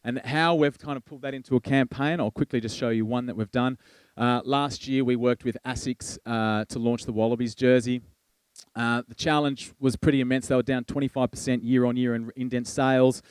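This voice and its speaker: Man, keynote speaker, relaxed delivery with fillers, resonant voice, dry close mic. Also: medium pitch, fairly quick, clear, resonant tone, no room sound. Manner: conversational, with frequent fillers and restarts. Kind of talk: conference presentation.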